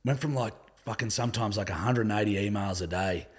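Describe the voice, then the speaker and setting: A man's voice: on the low side, quick pace, breathy edge. A young Australian man telling stories in a casual, laid-back way, swearing often and filling his talk with "like". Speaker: podcast guest. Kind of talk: casual conversational storytelling.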